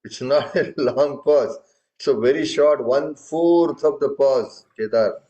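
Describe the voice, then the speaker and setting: Male tabla teacher. Patient and encouraging, recites drum syllables in steady rhythm, mid-pitched voice. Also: a little slow, dull audio. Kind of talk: music lesson explanation.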